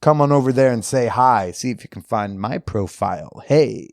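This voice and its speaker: A man hosting a podcast, doing casual ad reads and fan shout-outs in a jokey, off-the-cuff way with crude humor. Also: mid-range voice, expressive, normal speed, dry recording, clean studio sound. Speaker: podcast host.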